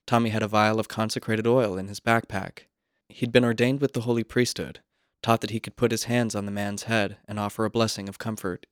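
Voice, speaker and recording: A man narrating a literary short story in a measured, quiet, even manner. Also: on the low side, no room sound, studio quality.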